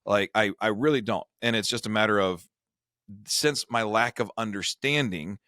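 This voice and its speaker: A middle-aged man with a fairly low voice tells a rambling, self-deprecating story in easy conversation. He hosts a retirement advice show. The sound is dry and close. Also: normal speed, sharp tone, no room sound. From Michigan. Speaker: retirement advisor and show host. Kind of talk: casual storytelling chat.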